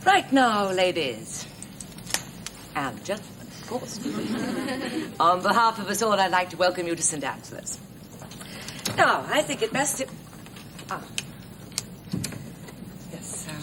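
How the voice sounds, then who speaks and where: A brisk, chatty nursing tutor. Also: female voice, medium pitch, big pitch swings, noisy background. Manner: brisk, chatty lecturing with small laughs. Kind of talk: scripted TV drama acting.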